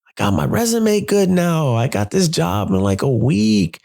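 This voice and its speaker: A man hosting a podcast, telling a personal story in an animated, profane way and acting out what people said. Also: fairly high pitch, measured pace, creaky. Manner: animated, profane, acts out quotes. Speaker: podcast host.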